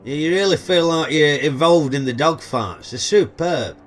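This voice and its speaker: A man's voice: on the high side, measured pace, soft background music. A middle-aged man with a Yorkshire accent, hosting a chatty, cheeky comedic film review full of dialect banter. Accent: Northern English, Yorkshire.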